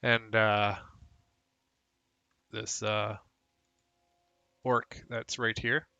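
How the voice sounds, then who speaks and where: A man narrating as game master of a tabletop game, in a halting way with many fillers. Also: on the low side, little pitch movement, creaky, pushed and bright, dry recording, lo-fi sound.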